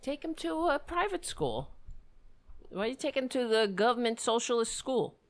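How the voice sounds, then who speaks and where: A woman's voice: fairly high pitch, expressive, moderate pace. A woman giving sarcastic, exasperated commentary, swearing freely as she rebuts. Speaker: commentator reacting to clips. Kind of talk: ranting commentary.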